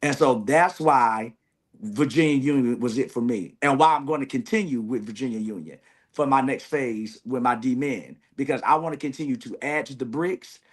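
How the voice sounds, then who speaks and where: A man's voice: mid-range voice, moderate pace. A man who is a graduating seminary student, speaking in an earnest, reflective way with many "you know" fillers. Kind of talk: reflective conversation.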